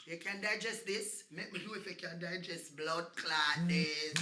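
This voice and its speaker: A Jamaican woman on a livestream, taunting and cursing loudly, often breaking into shouts. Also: fairly low pitch, unhurried, hardly any pauses. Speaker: social media personality. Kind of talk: livestream rant.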